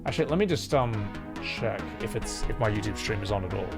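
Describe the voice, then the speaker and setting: A man's voice: lowish voice, expressive, fast, over loud music. A man with a put-on Scottish accent, live-streaming a horror game and chatting casually with viewers, swearing freely and thanking chat. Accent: exaggerated put-on Scottish.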